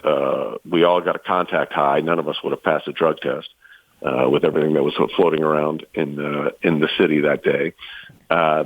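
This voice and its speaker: Male guest broadcaster, very low and gravelly, dry thin line, chatty storyteller. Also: dry recording. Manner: storytelling, many fillers and restarts. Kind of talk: casual chat. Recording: tinny phone-like line.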